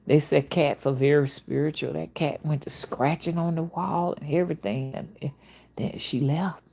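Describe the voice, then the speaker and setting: A woman hosting a casual livestream as a spiritual reader, with a soothing, melodic soft voice, greeting viewers by name and making folksy asides. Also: low-pitched, fairly even intonation, normal speed, gravelly. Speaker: spiritual reader and channel host.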